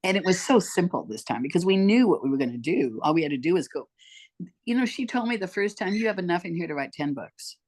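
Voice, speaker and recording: Lively woman in her eighties telling stories. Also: lowish voice, fast. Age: 80s. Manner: animated storyteller, acts out quoted voices. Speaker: podcast guest, author. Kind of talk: casual storytelling interview. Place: home.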